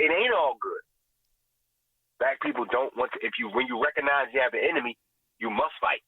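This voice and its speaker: A man's voice: mid-range voice, sing-song, fairly quick, gravelly, pauses often, breathy edge, no room sound. A man, a guest who runs a vegan restaurant, speaking in passionate, preachy podcast commentary and often asking "you know what I'm saying?". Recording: tinny phone-like line, dry.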